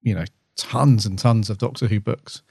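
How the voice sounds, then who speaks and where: An easygoing man with a fairly low voice talks casually with his co-host. The recording is dry and close, with no room sound. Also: moderate pace, gravelly, slightly rough, no echo. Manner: relaxed, easygoing, agreeable. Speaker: podcast co-host. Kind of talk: casual chat.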